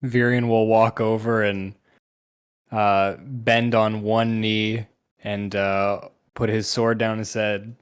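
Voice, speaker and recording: A man's voice: on the low side, level tone, slow pace, clean tone. A man playing a tabletop game, talking in a hesitant, stammering way. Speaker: player. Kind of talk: casual tabletop play.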